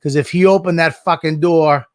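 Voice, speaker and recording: A man co-hosts a casual podcast, spinning animated stories full of swearing and acted-out dialogue. His voice sits a little higher than most men's. The sound is close and dry, with no room echo. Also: moderate pace. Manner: animated storyteller, swears a lot, acts out dialogue. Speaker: podcast co-host. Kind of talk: casual chat.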